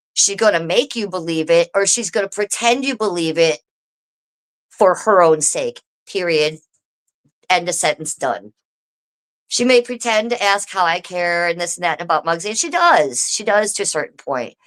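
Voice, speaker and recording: Woman venting on her live stream, cussing a lot, talks right at the chat. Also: on the low side. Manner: swearing, animated, talks to viewers directly. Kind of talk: casual live stream rant.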